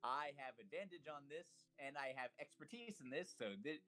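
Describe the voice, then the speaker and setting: A man's voice: on the high side, expressive, fairly quick, sharp tone, faint music behind. A man playing in a tabletop game over voice chat, talking casually and hesitantly with many restarts and fillers. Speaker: player.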